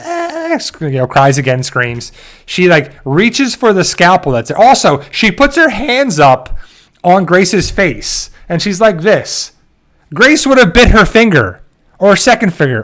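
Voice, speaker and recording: Male host, slightly higher voice, casual animated episode recap with quick character mimicry. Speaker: show host.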